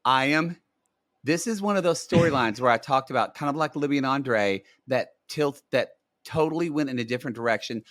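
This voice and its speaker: A man co-hosting a casual reality-TV recap podcast, chatty and agreeable, dropping into shrill impressions of the cast. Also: fairly quick, fairly bright tone, no echo, clean studio sound. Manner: chatty, agreeable, says y'all, mimics cast in shrill voices. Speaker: podcast co-host.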